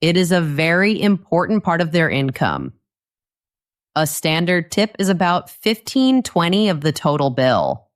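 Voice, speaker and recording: A woman narrating a scripted English lesson, speaking clearly and patiently and acting out short dialogue lines. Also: on the low side, sing-song, a little slow. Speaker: English teacher.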